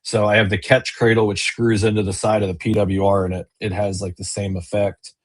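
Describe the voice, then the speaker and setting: Husky, lower-voiced male guest, casual and rambling, on a video call. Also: level tone, brisk. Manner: rambling storyteller with many fillers and restarts. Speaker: business owner and kayak angler, guest. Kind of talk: casual interview chat.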